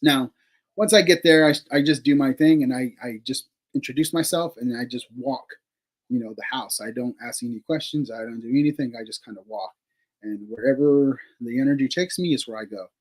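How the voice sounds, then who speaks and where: A man with a husky, slightly rough voice at a middling pitch tells a long story in a loose, conversational way. He rambles with plenty of fillers and casual swearing, and he laughs between remarks as he goes. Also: brisk, rough recording. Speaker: paranormal investigator guest.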